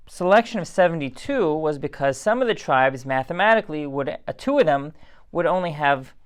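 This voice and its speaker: Rambling, tired rabbi, smooth clear voice. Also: male voice, fairly high pitch. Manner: rambling, digressive, conversational. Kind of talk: casual Torah talk.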